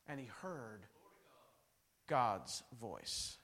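A man preaching a revival sermon, telling stories dramatically and swinging from loud bursts to hushed lines. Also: high voice, slow.

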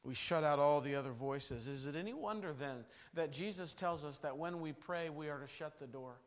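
A man preaching a revival sermon, telling stories dramatically and swinging from loud bursts to hushed lines. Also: a little high, normal speed.

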